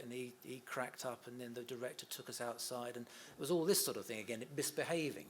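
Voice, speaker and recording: A man's voice: medium pitch, a little fast, few pauses, a little hiss or hum. A middle-aged man being interviewed about his late father, telling anecdotes in a chatty way, laughing often and acting out the quotes. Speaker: interviewee, son of a comedian.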